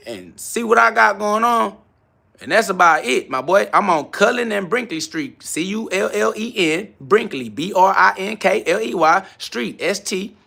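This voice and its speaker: A man's voice: high-pitched, vocal fry, pushed and bright. A man hosting a live stream from his garage gym, answering viewer comments in a brash, boastful, repetitive rant. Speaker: livestream host.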